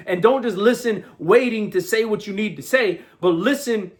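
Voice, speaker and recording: Male motivational host, fairly high voice, energetic and slangy, repeats himself and keeps checking in with the listener. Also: normal speed, few pauses. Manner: restarts and repeats words often. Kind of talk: motivational talk.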